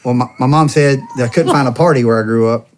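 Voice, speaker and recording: A man's voice: mid-range voice, quick pace, slight background noise. A man in his thirties, a podcast guest, telling a loose, slangy story with laughs, acting out the dialogue. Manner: animated, acts out dialogue in quoted voices. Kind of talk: casual storytelling.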